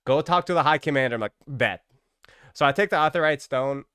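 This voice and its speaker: Profane, animated man telling a comic story. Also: a little high, quick pace, clean tone, no echo, studio quality. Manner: animated, profane, slangy, exaggerating. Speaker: gaming video creator.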